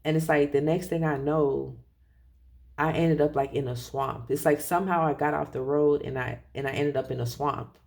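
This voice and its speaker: A tarot reader talking casually and rambling, correcting themself often and laughing softly as they share a reading. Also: medium pitch, steady tone, normal speed, vocal fry.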